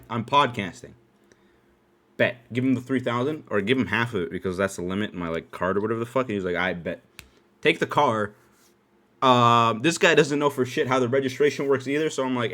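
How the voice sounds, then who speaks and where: Young male podcaster, casual storyteller, very lively pitch, crude and jokey delivery. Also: fairly quick. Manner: animated, profane, laughing asides, swings from loud to mumbly. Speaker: podcast host.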